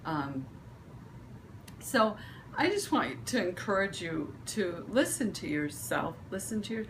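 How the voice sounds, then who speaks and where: A woman's voice: lowish voice, sing-song, takes it slowly, a bit bright, slight background noise. A woman vlog host, giving a casual motivational talk, rambling with restarts and fillers.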